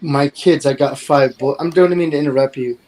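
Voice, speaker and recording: A man's voice: fairly high pitch, fairly even intonation, fairly quick, darkish tone, low-quality recording. A man in his forties, a guest on the show, talking in a rambling, earnest way that often trails off. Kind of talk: casual chat.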